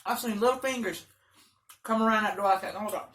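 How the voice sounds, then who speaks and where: A woman vlogger telling a story in a loud, animated, dramatic way. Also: mid-range voice, quick pace. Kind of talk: casual storytelling.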